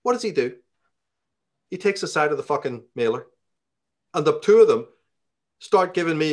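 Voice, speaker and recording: A man's voice: on the high side, expressive, moderate pace, long pauses. Profane, ranting man with a Belfast accent. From Northern Ireland. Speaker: interview guest. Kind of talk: storytelling in conversation.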